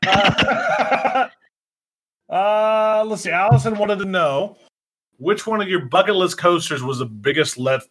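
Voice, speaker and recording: A man's voice: sits high, slow pace, a bit bright. A man co-hosting a casual podcast who reads out listener questions, teasing and swearing with lots of ums and uhs. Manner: teasing, swearing, hesitant with fillers when reading. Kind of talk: casual chat.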